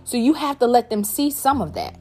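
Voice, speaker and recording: A mother talks candidly to camera, frank and profane, repeating herself for emphasis as faint music plays behind her. Her voice is a little high, sing-song and mellow, and she speaks a little fast.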